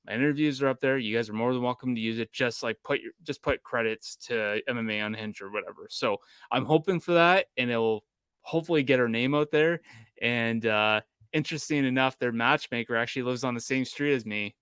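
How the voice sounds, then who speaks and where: A man's voice: mid-range voice, fairly quick, fairly bright tone, smooth, no echo. A Canadian man co-hosting a podcast, chatting casually and rambling with many restarts. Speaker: podcast co-host.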